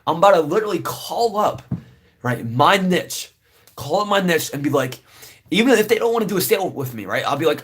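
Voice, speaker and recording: A man's voice: on the high side, very animated, brisk, breathy edge. A young man giving casual, rambling business advice to camera, full of fillers and "right?" tags. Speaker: business vlogger.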